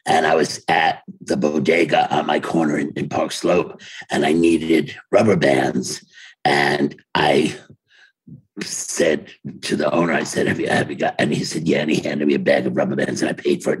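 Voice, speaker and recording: An older man speaking casually in an interview over a video call from his home office, telling wry stories and laughing often, with a very husky voice. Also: extremely low pitch, low-quality recording. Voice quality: very husky, gravelly voice. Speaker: interview guest, playwright.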